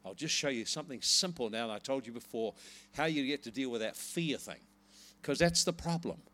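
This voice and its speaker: A man preaching to a congregation, telling a healing story in a lively, animated way. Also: mid-range voice, fairly quick. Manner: animated storytelling, rises to laughing excitement. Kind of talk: sermon with personal story.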